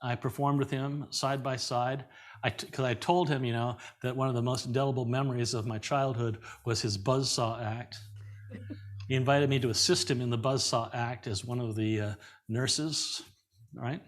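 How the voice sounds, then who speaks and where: A middle-aged man with a mid-pitched voice, recounting stories as a podcast guest. He talks in a loose, animated way, doubling back on words and laughing as he goes. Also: moderate pace. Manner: lively anecdotes, repeats words, laughs often. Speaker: guest performer. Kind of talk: conversational storytelling in an interview.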